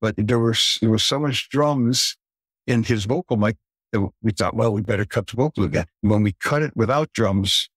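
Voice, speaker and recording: Husky guy talking easy as a guest, reflective, dry sound. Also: fairly low pitch, normal speed, dry recording. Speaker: guest, record producer. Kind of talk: casual interview chat.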